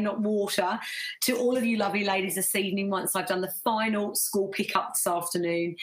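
A woman's voice: mid-range voice, fairly bright tone. A woman hosting a live online group, chatty and effusive as she thanks her viewers and reads out their comments. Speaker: business coach hosting a live group session. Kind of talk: casual live stream sign-off.

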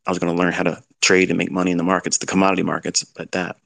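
A man's voice: sits low, completely flat delivery, very fast, creaky, a bit bright. A middle-aged man lecturing as a trading mentor, giving blunt fatherly advice with rhetorical questions. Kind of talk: lecture-style talk.

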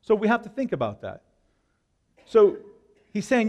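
A male pastor preaching an impassioned sermon, swinging between loud, urgent lines and hushed ones. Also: sits high, very animated, normal speed, big-room sound.

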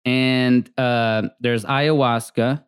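Rambling man with a smooth voice. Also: medium pitch, very slow, dry recording, studio quality. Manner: rambling, animated storytelling with many fillers. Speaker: podcast co-host. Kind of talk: casual chat.

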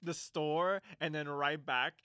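A man's voice: a little high, fairly even intonation, slow pace, bright, forceful tone, clean tone, no room sound. A young man in casual chat with friends, making wry comebacks and quoting lines.

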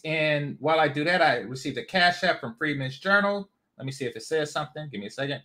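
A man's voice: on the high side, very animated, fast, few pauses, pushed and bright. A man from California hosting a casual livestream, ranting bluntly with lots of profanity and rambling asides. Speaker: host.

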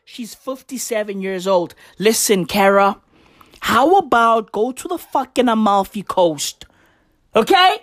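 A woman delivering a profane comedic rant, swinging between slow musing, sing-song chanting and shouting. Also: medium pitch, animated. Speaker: comedic commentator. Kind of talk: ranting comedic monologue.

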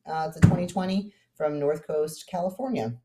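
A woman's voice: deep voice, normal speed, background noise. A woman co-hosting a podcast in casual chat, chatty and giggly, with lots of fillers. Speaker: podcast co-host.

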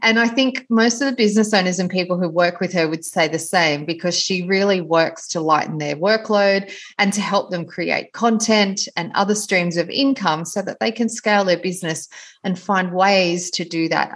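A woman hosting a podcast, reading a scripted intro and then chatting warmly with her guest, full of praise. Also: on the low side, normal speed. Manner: warm, effusive praise of the guest. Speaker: podcast host.

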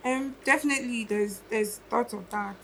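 A woman's voice: on the high side, moderate pace, a bit bright, slight background noise, low-quality recording. Young woman musing aloud on a podcast. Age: young adult. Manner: reflective, musing, thinks aloud. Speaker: guest musician. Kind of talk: casual podcast interview.

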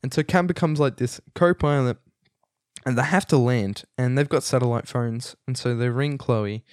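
A man's voice: mid-range voice, moderate pace, darkish tone, no echo, studio quality. A young man giving a casual, rambling film review, amused and full of fillers and restarts. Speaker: movie reviewer.

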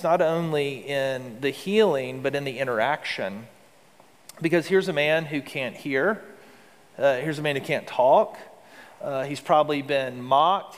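Pastor guy preaching, earnest and chatty, kinda high voice, long hall echo. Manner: earnest, conversational preaching with rhetorical questions. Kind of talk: sermon.

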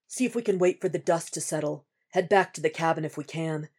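A blunt, protective ex-Marine barks short orders in a low voice, as a woman reads him in a fan-fiction audiobook. He keeps his sentences clipped and gruff, with a darker, altered tone. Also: fairly quick, a little mellow.

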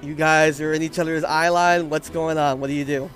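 A man narrating a tabletop game as its game master, loose and casual, with quick jokes. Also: a little high, flat delivery, fairly bright tone, faint music behind.

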